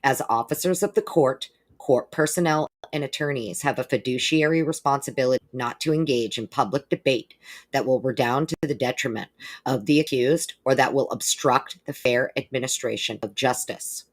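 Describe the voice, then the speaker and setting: A woman's voice: rumbling low, moderate pace. A woman hosting a live stream, reading court documents aloud and breaking off now and then for wry casual remarks. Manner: reads legal text steadily, breaking off for wry remarks.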